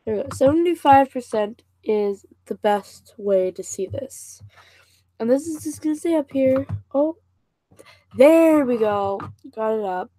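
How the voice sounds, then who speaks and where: A woman's voice: fairly high pitch, lively intonation, a little slow, warm tone, no room sound, rough recording. A woman casually reading a novel aloud, stumbling and restarting over words now and then. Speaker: reader and channel host.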